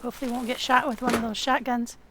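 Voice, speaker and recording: Over a noisy background, a woman talks fast with a flat delivery in a voice on the high side. As host of a survival game video, she chats with another player and talks to viewers in a friendly way full of fillers.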